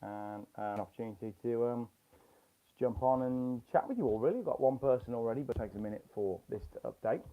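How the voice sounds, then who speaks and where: A man's voice: medium pitch, fast, narrow, tinny audio. A middle-aged man with a slight Birmingham accent, hosting a casual live-stream chat from a small home alcove and rambling through viewer comments with lots of ums. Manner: rambling, reads viewer comments aloud, many fillers. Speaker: channel host. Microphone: headphone mic on a live stream.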